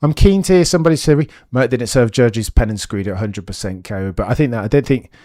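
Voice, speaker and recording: A young man streaming live race commentary, chatty and animated, with excited bursts and muttered asides. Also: medium pitch, fast talker, no room sound, clean studio sound.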